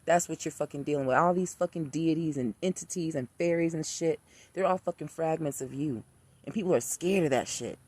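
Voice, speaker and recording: A man's voice: fairly high pitch, darkish tone, slightly rough. Profane, blunt man ranting. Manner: blunt, profane, rapid-fire repetition. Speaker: spiritual practitioner ranting to camera. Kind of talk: profane casual rant.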